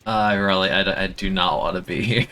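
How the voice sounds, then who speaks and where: A young man streaming a video game, chatting excitably and self-mockingly, often stammering and repeating words. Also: low-pitched, brisk. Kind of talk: casual gameplay commentary.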